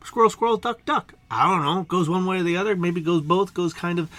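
Man voicing a little penguin, chill dude talk, rambling, slightly high voice. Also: fairly quick, a bit bright, no echo. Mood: puzzled. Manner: rambling, laid-back slang.

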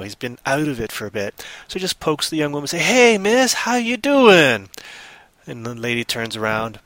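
Playful man with a bright, forceful voice. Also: medium pitch, dry recording. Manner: playful, teasing, goofy. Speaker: live stream host. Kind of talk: improvised storytelling and banter.

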